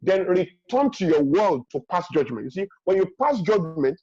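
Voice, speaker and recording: A man's voice: sits high, very animated, normal speed, a little mellow, slightly rough, no room sound. A man giving emphatic parenting advice on a webinar, repeating his key points and acting out what parents say. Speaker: guest speaker on parenting. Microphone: video call. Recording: dull lo-fi online call audio.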